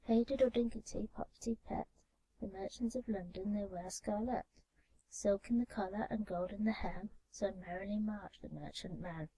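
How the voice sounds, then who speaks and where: A woman voicing a group of tiny, cheeky mice who sing merry rhymes in a soft ASMR story reading. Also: medium pitch, normal speed, slightly rough, rough recording. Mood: singsong. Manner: singsong, merry. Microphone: binaural microphone.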